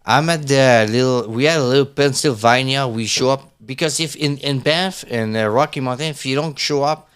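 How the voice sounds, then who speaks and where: A man chatting casually on a podcast, rambling and halting, with phrasing. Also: mid-range voice, a bit bright, smooth. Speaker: podcast co-host. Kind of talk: casual chat.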